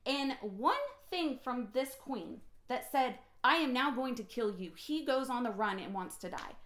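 A woman preaching an impassioned personal sermon on her podcast, swinging from quiet talk to loud, excited bursts. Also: a little high, a little slow, reverberant. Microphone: phone recording.

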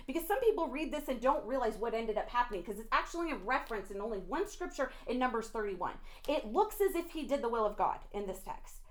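Fiery high-voiced woman preacher. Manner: fiery, swings from low intense to loud laughing outbursts. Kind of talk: impassioned sermon.

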